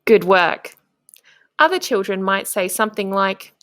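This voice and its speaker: A woman, a primary school teacher, narrating a lesson for young children in a slow, encouraging way with clear prompts to the class. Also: mid-range voice, animated, fairly bright tone, no echo, clean studio sound.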